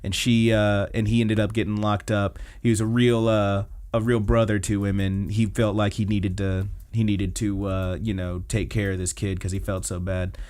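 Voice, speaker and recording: A man's voice: on the low side, level tone, moderate pace, hardly any pauses, a little mellow. A man co-hosting a podcast, casually recapping anime episodes in a chatty way and acting out the characters' lines. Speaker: podcast co-host.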